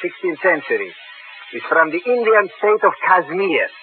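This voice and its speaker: An actor playing a sly, evasive curio dealer in a 1950s radio drama, folksy and overly familiar. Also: male voice, high voice, very animated, moderate pace. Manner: folksy, evasive, calls people kiddo. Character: sly middle-aged male curio dealer, evasive and chummy. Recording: tinny old radio broadcast with faint hiss.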